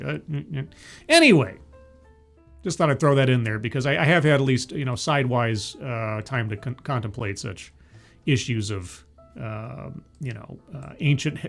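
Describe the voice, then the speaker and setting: A man's voice: mid-range voice, vocal fry. A man giving casual reaction commentary on a talk, rambling with jokey asides and many fillers and restarts.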